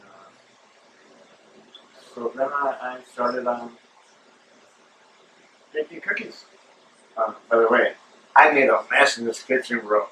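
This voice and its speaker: A man's voice: medium pitch, background noise. A man hosting his own show, telling a long casual story full of fillers and asides to the listener. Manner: rambling, filler-heavy, calls listener bro. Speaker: show host. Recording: roomy echo, distant from mic.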